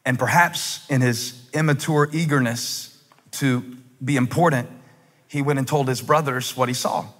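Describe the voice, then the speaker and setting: A male pastor preaching an impassioned sermon with humor, at times breaking into shouts. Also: medium pitch, fairly even intonation, moderate pace. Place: large church auditorium. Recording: long hall reverb.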